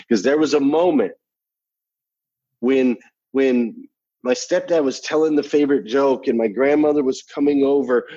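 A man's voice: mid-range voice, darkish tone, husky, no echo, dull audio. A man guest telling a personal story in a casual conversation, emphatic and repeating phrases for effect, ending with a motivational challenge. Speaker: podcast guest.

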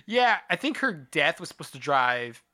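Guy reviewing a movie with a friend, bright voice, kinda high, laughs a lot. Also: moderate pace. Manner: animated, laughs often, acts out quotes. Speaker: co-host reviewing a film. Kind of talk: casual chat.

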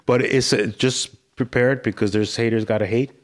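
A man guesting on a podcast in casual chat, laid-back and halting, calling people bro. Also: mid-range voice, fairly even intonation.

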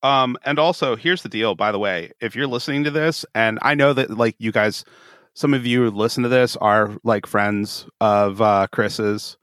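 A man's voice: on the low side, normal speed, a bit bright, clean tone, no echo, clean studio sound. A man co-hosting a podcast in casual chat, laid-back and laughing often. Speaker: podcast co-host.

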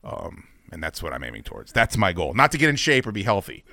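A man's voice: deep voice, wildly swooping pitch, fast, sharp tone, dry recording. A middle-aged man hosting a radio show, talking casually in a rambling, profane way.

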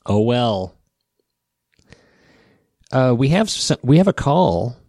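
A man's voice: medium pitch, very animated, takes it slowly, a little mellow, no echo, studio quality. A man with a rural Western Midwest American accent hosting a podcast, rambling and wry, often breaking off and restarting. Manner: rambling, self-interrupting, wry. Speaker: podcast host. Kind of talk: casual podcast talk.

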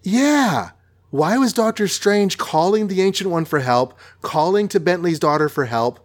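A man's voice: high-pitched, lively intonation, a little slow. A man co-hosting a podcast in casual chat, talking with lots of ums. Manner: chatty, many ums, slips into acted voices. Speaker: podcast co-host.

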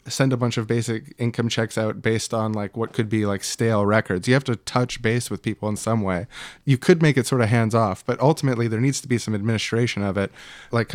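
A man's voice: lowish voice, no room sound. A man arguing politics in casual chat, sarcastic and pointed, swearing now and then.

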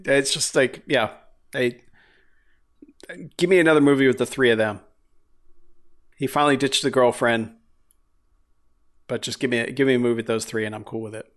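A man's voice: medium pitch, normal speed, pauses often, a bit bright. A man co-hosting a casual movie podcast, wry and teasing. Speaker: podcast co-host.

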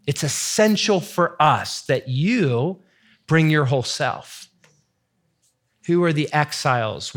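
A middle-aged man giving a heartfelt teaching talk in an earnest, searching, emotional way. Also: medium pitch. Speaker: faith teacher sharing testimony.

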